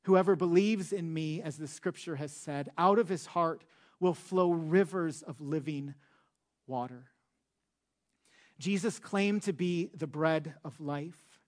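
A male pastor preaching a sermon with emphatic, drawn-out words for stress. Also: on the high side.

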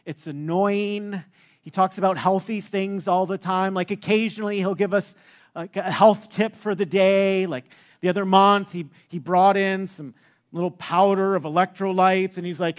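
A man's voice: high-pitched, steady tone, normal speed. A middle-aged man preaching a sermon, telling stories with humor and frequent fillers like "uh" and "um". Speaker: pastor.

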